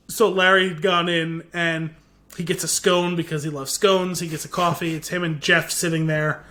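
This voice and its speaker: A man co-hosting a podcast, casually and animatedly retelling a TV episode with lots of filler words. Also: on the high side. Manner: animated retelling with quoted lines, many "like" fillers. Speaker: podcast co-host. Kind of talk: casual chat, recapping a TV episode.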